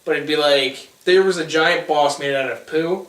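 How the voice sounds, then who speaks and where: A man's voice: a little high, normal speed, a bit bright, far from the mic. A young man co-hosting a casual gaming chat, rambling and hesitant with many fillers. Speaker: co-host. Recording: echoey room, away from the mic.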